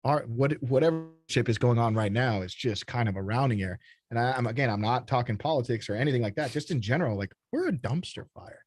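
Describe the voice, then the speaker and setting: Man, from Texas, blunt, swears freely, lively rising and falling pitch, dry close sound. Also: fast, no room sound. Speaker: guest, startup founder. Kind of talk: casual podcast conversation.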